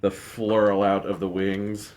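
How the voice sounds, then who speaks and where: A man playing a tabletop game, describing his character's moves in a halting, casual way while searching for words. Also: lowish voice, little pitch movement, a little mellow, a little hiss or hum. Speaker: player.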